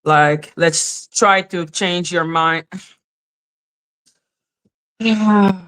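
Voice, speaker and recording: Lower-voiced woman hosting a casual livestream. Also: drawn-out words. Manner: emotional, swears freely, softly apologetic. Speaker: livestream host reading chat.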